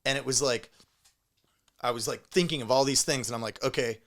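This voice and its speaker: A man's voice: medium pitch, fairly quick. A man co-hosting a casual podcast, telling a story with lots of swearing and acted-out noises. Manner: animated storyteller, swears a lot, acts out sounds. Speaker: podcast co-host.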